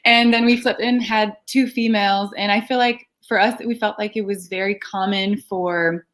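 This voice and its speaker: A woman filmmaker chatting in an interview over a video call, laughing often and filling pauses with ums. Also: mid-range voice, steady tone, fairly bright tone. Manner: giggly, lots of ums and laughs. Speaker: filmmaker guest. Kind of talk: casual interview chat.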